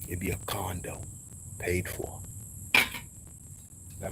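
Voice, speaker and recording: Casting: New man, preachy street-wise advice, emphatic with low asides, faint outdoor insect noise. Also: flat delivery, takes it slowly, long pauses. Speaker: vlogger giving advice. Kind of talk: casual spoken monologue.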